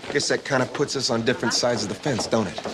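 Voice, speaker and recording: An actor playing a hard-nosed police detective who talks in a gruff, scornful, confrontational way. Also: male voice, medium pitch, fast, crowd noise, lightly acted. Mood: stern.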